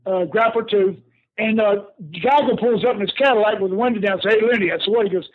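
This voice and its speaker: An older man telling lively stories as a guest in an interview, laughing often and calling the listener "brother". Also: high-pitched, fast. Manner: lively yarn-spinner who laughs often and says "brother". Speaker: guest, retired pro wrestler. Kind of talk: animated storytelling in an interview. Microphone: phone call. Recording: tinny phone line.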